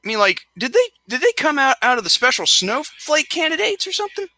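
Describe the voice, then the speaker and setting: A man's voice: very high voice, sing-song, brisk, sharp tone, dry recording. A young man hosting a casual live-stream chat, rambling and tripping over his words as he repeats himself while he rants.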